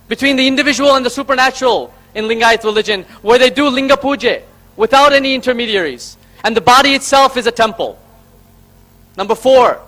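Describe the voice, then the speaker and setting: A man's voice: extremely high pitch, pushed and bright. A man from Karnataka, giving an emphatic public speech from a stage and listing his points in order. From Karnataka, India. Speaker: invited speaker.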